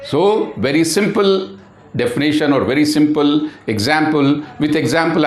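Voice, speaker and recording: A man teaching a lesson, repeating points and spelling words out letter by letter. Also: a little high. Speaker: English teacher. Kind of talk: classroom lesson at a board. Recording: echoey room.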